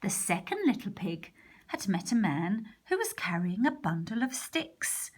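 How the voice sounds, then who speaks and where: A woman narrating a storybook in a soft, partly whispered voice. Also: mid-range voice, sing-song, a little slow, breathy edge. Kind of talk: storybook reading.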